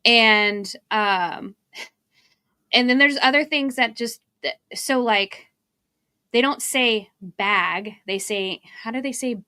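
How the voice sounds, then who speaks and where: A woman's voice: a little high, slow, sharp tone, no echo, studio quality. A woman from Arizona co-hosting a marketing livestream, chatty and laughing as she drifts into tangents. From Arizona, USA. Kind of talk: casual live-stream chat.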